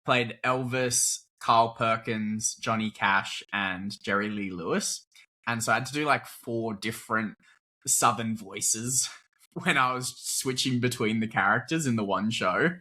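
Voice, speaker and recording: Young Australian man, relaxed interview guest, bright forward tone, laughs a lot. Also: fairly low pitch, measured pace. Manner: laughs often, easygoing, rambles. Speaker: actor, guest. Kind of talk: casual interview chat.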